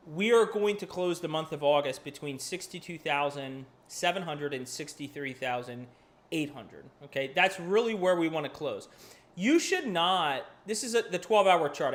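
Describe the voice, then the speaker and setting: A fairly high-voiced man with a fairly bright tone hosts a crypto livestream on the markets. He chats loosely, curses casually, and keeps saying sorry while flipping between charts.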